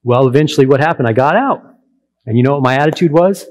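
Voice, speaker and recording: A pastor preaches a sermon from the pulpit at an ordinary middle pitch and normal speed. He tells the story in a lively way, acting out the characters' lines as he goes.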